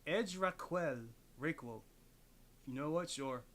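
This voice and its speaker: A man's voice: a little high, slow pace, a bit bright. A man streaming from his home desk, rambling and swearing as he thinks aloud, with his mic farther away than usual at an odd angle. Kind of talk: casual live-stream chat. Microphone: desk mic set farther away than usual, at an odd angle.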